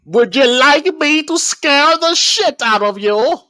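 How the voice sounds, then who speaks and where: A man's voice: extremely high pitch, lively intonation, slow, pushed and bright, pitched above the performer's own voice, exaggerated voice. A man doing a playful, spooky imitation of a possessed English girl in an attempted British accent. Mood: spooky mocking.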